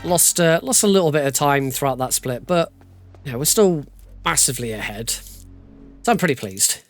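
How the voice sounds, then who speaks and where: A man's voice: on the high side, lively intonation, moderate pace, faint music behind. A man giving casual, joking live commentary while playing through a video game speedrun. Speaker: speedrunner streamer. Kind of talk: live commentary over gameplay.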